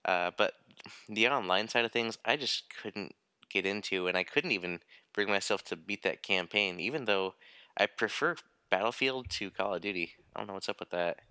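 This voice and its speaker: A man co-hosting a casual podcast chat, talking in a relaxed, chatty way. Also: fairly low pitch, moderate pace, clear, resonant tone, no room sound. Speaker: podcast co-host.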